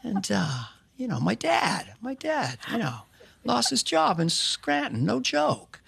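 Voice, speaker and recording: A man's voice: very high voice, wildly swooping pitch, slow pace, creaky, a bit bright, breathy edge, no echo, full character voice. A man doing a comedy impression of a rambling elderly male politician who repeats folksy catchphrases, garbles his words and trails into whispers. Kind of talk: comedy impression on a talk show. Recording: TV clip with audience laughter.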